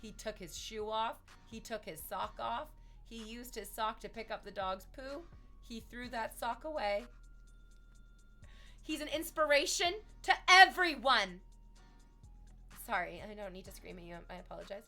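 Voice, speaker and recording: A young adult woman, chatting casually on a stream, rambling and self-deprecating with loud outbursts. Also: mid-range voice, moderate pace, faint music behind.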